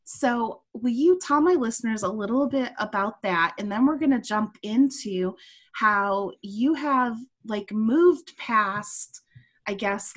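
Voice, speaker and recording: Woman, podcast host, curious, asks probing questions, mid pitch. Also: a bit bright. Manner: curious, openly nosy questioner. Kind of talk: interview questions.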